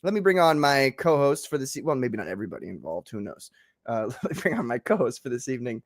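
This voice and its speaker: A man's voice: medium pitch, sing-song, quick pace, no echo, clean studio sound. A man hosting a casual live-streamed chat show, joking, laughing often and tripping over his words. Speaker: talk show host.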